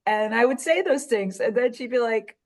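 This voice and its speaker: A woman's voice: fairly high pitch, moderate pace. Candid, wry woman from Chicago. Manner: candid and wry, with many fillers and profanity; quotes others in animated voices. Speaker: guest. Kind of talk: casual conversation.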